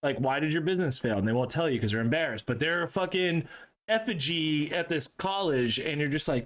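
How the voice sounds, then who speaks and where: Profane, fast-talking podcast host man. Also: on the high side, fairly bright tone. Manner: swears often, quick storyteller. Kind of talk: casual podcast chat.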